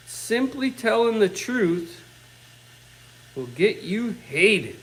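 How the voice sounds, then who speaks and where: Middle-aged man, high-pitched, blunt profane rant, workshop talk. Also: very animated, extremely slow, long pauses, poor audio. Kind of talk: casual rant.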